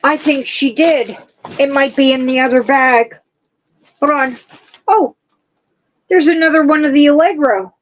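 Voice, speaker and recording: A woman hosting a casual livestream, chatting and gushing with excitement. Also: sits high, a little slow, pauses often, muffled recording. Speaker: livestream host. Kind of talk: casual chat.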